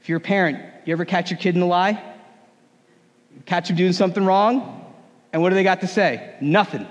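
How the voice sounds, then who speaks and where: A man preaching a sermon in a relaxed, conversational way, with humor. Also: high voice, brisk, highs cut off. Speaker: pastor. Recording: long hall reverb.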